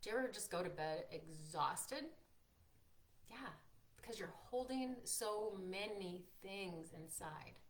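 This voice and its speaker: A woman hosting a live-streamed workshop, chatty and encouraging, reading out viewers' comments and filling pauses with "like" and "um". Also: mid-range voice, animated. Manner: encouraging, frequent fillers like "like" and "um". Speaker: workshop host and coach.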